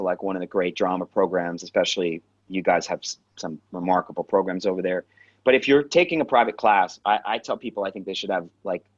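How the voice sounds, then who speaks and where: A man, an actor and acting coach, telling lively stories in a casual interview, acting out the voices and swearing freely. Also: fairly low pitch, breathy edge, dry recording. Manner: animated storyteller, acts out quotes, swears freely. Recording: dull lo-fi sound.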